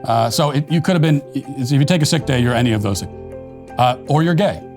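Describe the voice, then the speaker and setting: Middle-aged male host, dry mock-apology sarcasm, average pitch, faint music bed. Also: fairly quick. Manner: deadpan mock-apologetic sarcasm, bursts of mock shouting. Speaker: commentary host. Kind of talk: sarcastic monologue to camera.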